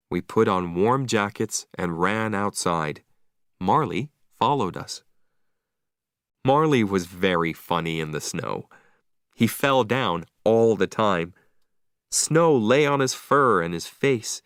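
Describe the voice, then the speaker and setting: Slow, expressive male storyteller. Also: fairly low pitch, no room sound, clean studio sound. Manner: clear, deliberate, expressive reading. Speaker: storyteller for English learners. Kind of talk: slow read-aloud story narration.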